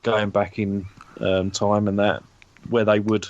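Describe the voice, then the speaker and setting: Hesitant low-voiced man, lo-fi line. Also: level tone. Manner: hesitant, halting. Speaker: radio show host. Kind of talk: casual radio chat. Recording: dull lo-fi remote line.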